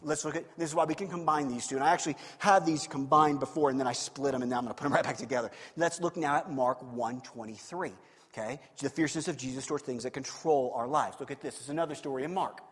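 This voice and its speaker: A man preaching a sermon, animated and acting out scenes with shifting voices. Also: medium pitch, quick pace, slightly rough, big-room sound. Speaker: pastor.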